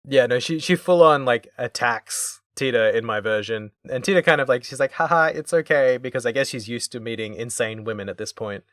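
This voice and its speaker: A podcast co-host chatting casually about a video game, with a wry, playfully mocking manner and quick acted-out quotes. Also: medium pitch, a bit bright, dry recording, clean studio sound.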